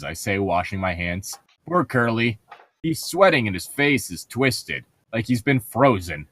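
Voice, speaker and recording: A man's voice: fairly low pitch, sing-song, measured pace, a bit bright, dry recording. Young man reading fanfic aloud. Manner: breaks into laughter while reading, casual. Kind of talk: comedic read-aloud of fanfiction.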